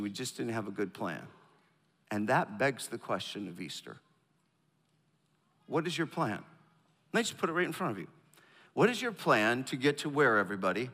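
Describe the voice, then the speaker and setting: A man's voice: mid-range voice, bright, forceful tone, in a large hall. A man from the northern United States preaching a sermon, emphatic and calling the congregation to repeat lines after him. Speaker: pastor. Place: large church auditorium.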